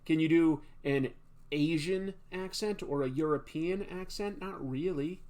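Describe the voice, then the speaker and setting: A man's voice: on the high side, a little slow, darkish tone. A man hosting a casual live stream, chatting with viewers and laughing at himself a lot. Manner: chatty, self-deprecating, laughs often.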